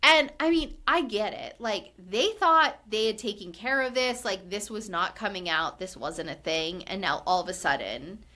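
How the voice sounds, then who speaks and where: A woman's voice: mid-range voice, moderate pace, few pauses, sharp tone. A woman co-hosting a podcast, recapping a reality show in casual chat, with lots of "like" and acted-out quotes. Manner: chatty, fillers of "like", acts out quotes with rising exasperation.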